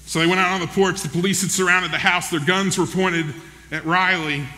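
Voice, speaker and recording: A man's voice: sits high, fairly even intonation, fairly quick, bright, forceful tone. A man preaching a sermon, telling a story in a folksy, conversational way and checking in with listeners, heard in a large hall. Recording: long reverb in a large hall.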